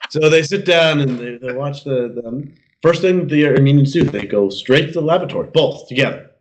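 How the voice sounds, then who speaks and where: A man's voice: on the high side, moderate pace. A young man co-hosting a podcast, telling jokes in casual chat and laughing along as he goes. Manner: animated storyteller who laughs at his own jokes. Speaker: podcast co-host.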